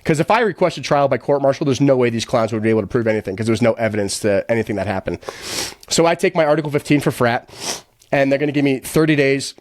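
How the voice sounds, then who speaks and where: A young man telling his own story as a podcast guest, blunt and profane, with quick acted-out quotes. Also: mid-range voice, darkish tone, no echo, studio quality. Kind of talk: candid storytelling.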